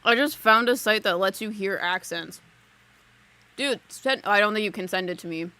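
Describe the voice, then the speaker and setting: A woman's voice: mid-range voice, normal speed, pushed and bright. A woman casually chatting while giving a live psychic reading at her desk at home, talking freely and laughing between thoughts. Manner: chatty, giggly, lots of "like" fillers. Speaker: psychic medium streamer. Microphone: desk mic on a live stream.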